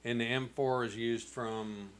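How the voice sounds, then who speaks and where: A man's voice: medium pitch, fairly even intonation, a little slow, slight background noise. A man hosting a casual podcast chat, blunt and dismissive, swearing freely. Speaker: podcast host.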